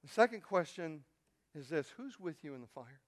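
A male pastor preaching a sermon, telling a story and swinging from quiet, intimate asides to loud, shouted peaks. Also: fairly high pitch, very animated, normal speed.

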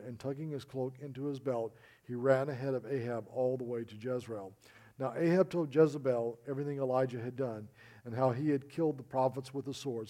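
A man's voice: medium pitch, mellow. A man preaching a sermon, reading scripture and telling stories with quoted dialogue. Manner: earnest storytelling, quoting others in dialogue.

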